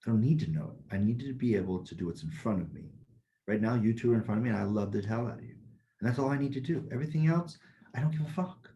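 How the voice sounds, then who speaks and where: A man's voice: on the low side, animated, fast talker, mellow, highs cut off. A man co-hosting a casual podcast as a Taoist teacher, talking bluntly, swearing freely and telling stories with energy. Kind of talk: casual chat.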